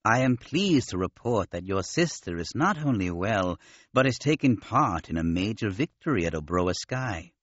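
A man voicing a modest male alien admiral with a nasal voice, gentle and courteous. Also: on the low side, very animated, normal speed, husky, dry recording, lo-fi sound.

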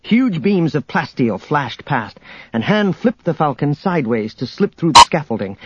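A man narrating an audiobook in a steady storytelling manner, in a dull, dry recording. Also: a little high, slightly rough, no room sound.

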